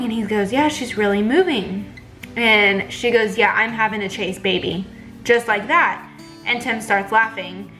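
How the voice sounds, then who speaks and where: A woman's voice: mid-range voice, pushed and bright, low-quality recording. A young pregnant woman, chatting casually in a vlog and retelling a bad appointment with lots of fillers. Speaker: vlogger.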